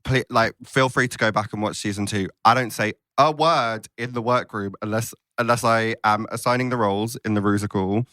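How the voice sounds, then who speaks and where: A man hosting a podcast, talking in a measured, reflective, self-deprecating way. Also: fairly low pitch, fairly even intonation, fairly bright tone, no echo, studio quality. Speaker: podcast host. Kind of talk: casual chat.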